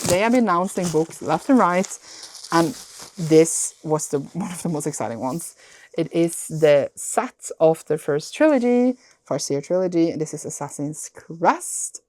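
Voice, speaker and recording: A young woman chats in a reading vlog at home, gushing and excitable as she talks about her books. Her voice sits a little low, and she often breaks off mid-sentence. The sound is dry and close, with no room echo. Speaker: book vlogger.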